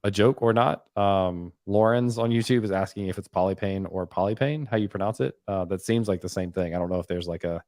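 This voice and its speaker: A man's voice: fairly low pitch, fairly even intonation, a little fast, hardly any pauses, a little mellow, no room sound, studio quality. A man hosting a live stream, chatting casually and rambling with frequent "um"s and "like"s. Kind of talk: casual chat.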